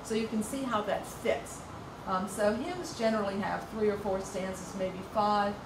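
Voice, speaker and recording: A woman's voice: medium pitch, normal speed, roomy sound, distant mic, noisy background. A woman teaching a music workshop, explaining patiently with some ums and restarts. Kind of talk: informal music lesson.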